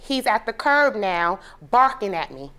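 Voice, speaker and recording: A woman's voice: medium pitch, very animated, a little slow, sharp tone, clean tone. A woman, a plaintiff on a TV court show, telling her story in emotional detail. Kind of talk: testimony in a TV courtroom.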